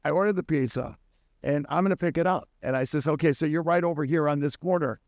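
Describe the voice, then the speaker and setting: A man's voice: fairly high pitch, fast, darkish tone, no room sound, studio quality. A man hosting a comedy podcast, telling rambling anecdotes in casual chat.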